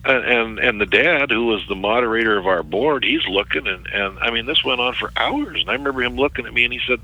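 A middle-aged man, a ministry worker, recounting a story as an interview guest in a halting way, often repeating words. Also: medium pitch, expressive, bright, forceful tone, muffled recording.

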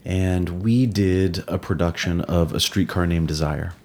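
A man hosting a podcast, chatting in a relaxed way and often checking in with "right?". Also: deep voice, unhurried, a little hiss or hum. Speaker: podcast host. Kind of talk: casual interview chat.

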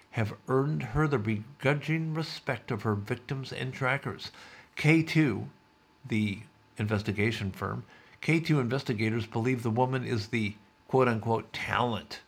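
A man's voice: medium pitch, gravelly. A man hosting a podcast, reading a news story aloud and breaking off for wry, sardonic asides. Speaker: podcast host.

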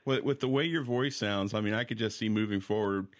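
Low-voiced male interview host. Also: fairly quick. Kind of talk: casual interview questions.

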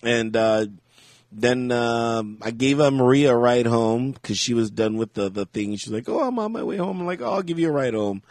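A podcast co-host, male, tells a rambling story in casual conversation and laughs often. His medium-pitched voice is somewhat dark and moves at a moderate pace, recorded dry with clean studio sound.

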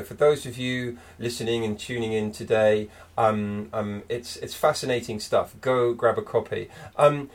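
A man's voice: mid-range voice, distant mic. A man hosting a casual interview, speaking hesitantly with many ums. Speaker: podcast host.

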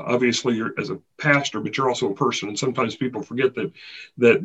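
Husky-voiced male interview host. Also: medium pitch. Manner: meandering, searching questions with fillers. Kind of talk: interview questions. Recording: dull lo-fi sound.

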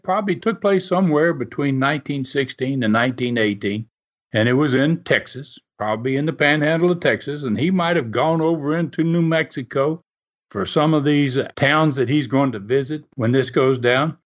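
A man's voice: fairly high pitch, moderate pace. A man hosting a podcast, telling a story at an easy pace with plenty of "uh" fillers. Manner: rambling, full of "uh" fillers. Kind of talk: casual storytelling. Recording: dull lo-fi podcast audio.

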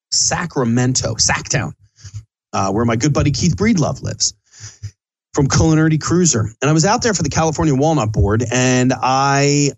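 A man's voice: medium pitch, no echo. Chatty middle-aged man hosting a podcast. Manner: rambling, loose and chatty, swears casually. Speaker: podcast host and chef. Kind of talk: casual podcast monologue.

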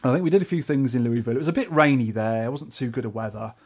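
Quick chatty london guy on a podcast, telling stories, doing little voices for people he met. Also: mid-range voice, breathy edge. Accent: English, London. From England. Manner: animated, acts out quoted voices. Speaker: podcast co-host. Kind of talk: casual storytelling chat.

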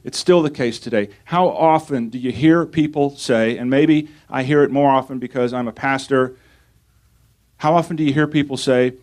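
A man's voice: medium pitch, moderate pace, darkish tone. A male pastor preaching a sermon, reading scripture aloud and putting rhetorical questions to his congregation.

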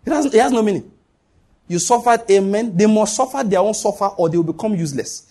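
A man's voice: high-pitched, expressive, fast, mellow. A man preaching a sermon as pastor, emphatic, repeating his points and swinging his voice up and down.

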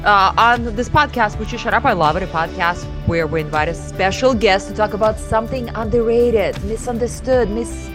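A woman's voice: mid-range voice, moderate pace, few pauses, music in the background. A woman co-hosting a podcast, chatting loosely and introducing a guest. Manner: chatty, restarts often, reads introductions loosely. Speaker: podcast co-host. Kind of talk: casual podcast chat.

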